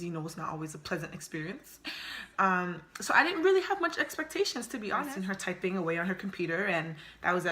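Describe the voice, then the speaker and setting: A young woman in her twenties chats to camera about something that happened to her, expressive and loose with casual slang. Her voice is bright and forward, with a clear ring to it. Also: lowish voice. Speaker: storytime vlogger.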